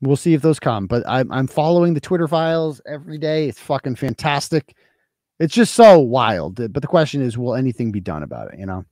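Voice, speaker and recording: A man's voice: medium pitch, very animated, brisk, darkish tone, dry recording, studio quality. A man in his forties from Massachusetts, hosting a casual livestream, reading chat and ranting with lots of swearing and sarcasm. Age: 40s. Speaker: host.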